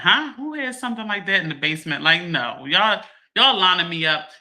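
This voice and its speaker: A woman, hosting a livestream and chatting to her viewers in a lively way, laughing often. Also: medium pitch. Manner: animated, laughing, addresses viewers as y'all. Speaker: livestream host. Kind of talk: casual chat to a live audience.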